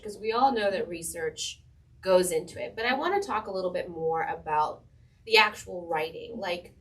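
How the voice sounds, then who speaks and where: A woman's voice: medium pitch, recorded from a distance. Enthusiastic woman interviewer, a bit off-mic. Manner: enthusiastic, rambling questions. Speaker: interviewer, fellow author. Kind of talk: casual conversational interview.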